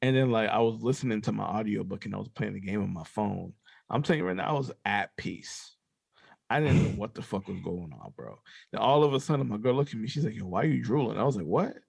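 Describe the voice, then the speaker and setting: A man's voice: lowish voice, animated, vocal fry, darkish tone, husky, dry recording. A young man with a slight lisp, co-hosting a podcast in a loose, rambling chat full of fillers. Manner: laid-back, rambling, drawn-out fillers. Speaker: podcast co-host. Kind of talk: casual chat.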